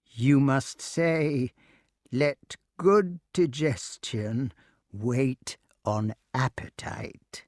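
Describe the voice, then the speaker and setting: A man doing a slow, solemn goat. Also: mid-range voice, darkish tone, dry recording, studio quality. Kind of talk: audiobook character voice.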